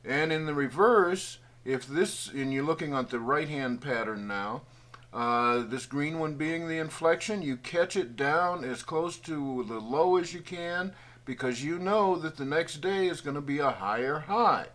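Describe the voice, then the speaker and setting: A man's voice: a little high, lively intonation, unhurried, a bit bright. A man giving a folksy, patient trading tutorial over a screen recording, thinking aloud as he draws on charts. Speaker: trading educator.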